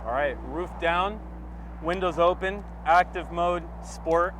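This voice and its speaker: This is a man vlogging from the driver's seat of a convertible on a freeway, his voice sitting a touch high. He gushes, exclaims and swears as he drives. Loud engine and traffic noise surround him the whole time. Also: slow pace. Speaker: car vlogger. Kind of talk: excited driving vlog. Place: open-top sports car on a city freeway.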